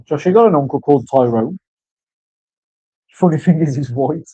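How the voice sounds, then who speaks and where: A man's voice: a little high, normal speed, mellow, breathy edge, no room sound. A man in casual chat, rambling and swearing through banter in a tattoo studio. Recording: dull, dry lo-fi sound.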